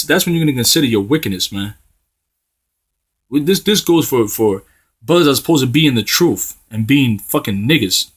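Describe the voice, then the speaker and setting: A man delivering a profane, heated street-style sermon, tagging "man" onto his phrases and reading scripture slowly in old-style wording. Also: mid-range voice, a bit bright, husky. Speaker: preacher.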